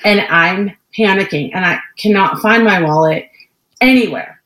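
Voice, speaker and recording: In a roomy, echoing space, a young woman who co-hosts a podcast animatedly tells a story in casual chat. She swears freely as she acts out people's words, her mid-range voice at a moderate pace.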